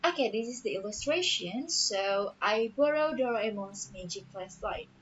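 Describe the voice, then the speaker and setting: A woman teacher explaining a math lesson patiently, repeating each step slowly. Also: medium pitch, animated, fairly bright tone, breathy edge. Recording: dull lo-fi audio with faint music.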